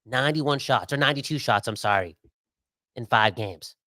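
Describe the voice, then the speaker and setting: A man co-hosting a sports podcast, ranting with lots of exclamations. His voice is mid-pitched and jumps up when he gets worked up. The sound is dry and close. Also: normal speed, no echo. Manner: animated, ranting, exclaims often. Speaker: podcast co-host. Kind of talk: casual sports podcast chat.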